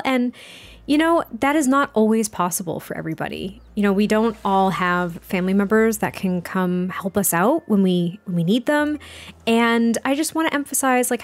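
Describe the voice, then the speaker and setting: A young adult woman casually narrating a life-sim game in a chatty, exclaiming way. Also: mid-range voice. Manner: chatty, exclaiming, self-correcting. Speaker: let's play host. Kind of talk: casual gameplay commentary. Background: faint background music.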